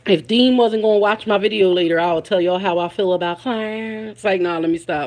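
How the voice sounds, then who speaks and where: A woman's voice: mid-range voice, a little fast, darkish tone, slight background noise. A woman with a Philadelphia accent hosting a casual live stream, chatting with viewers, greeting them by name and laughing often. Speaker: livestream host.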